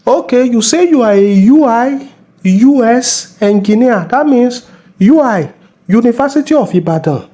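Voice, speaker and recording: A man's voice: very high voice, expressive, a little slow, warm tone, exaggerated voice. A man with a Nigerian accent playing a bossy, mocking middle-aged police officer in a comedy skit. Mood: scolding. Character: bullying middle-aged male traffic cop.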